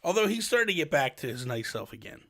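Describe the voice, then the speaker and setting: A man's voice: a little high, sing-song, quick pace, fairly bright tone. A man co-hosting a casual podcast, rambling and teasing with frequent laughter. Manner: laughs often. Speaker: podcast co-host.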